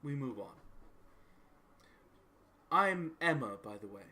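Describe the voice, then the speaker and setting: A man voicing a poised former bar owner, a woman with a guarded, wry, quietly predatory manner in a tabletop role-play. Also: medium pitch, big pitch swings, takes it slowly, exaggerated voice. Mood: cool.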